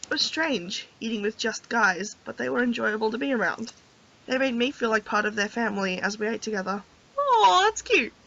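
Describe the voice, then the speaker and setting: A woman's voice: fairly high pitch, brisk, vocal fry, bright, forceful tone. A woman reading a visual novel's narration aloud and chatting about it, giggly and chatty between the lines. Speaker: gamer, host. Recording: dull lo-fi audio.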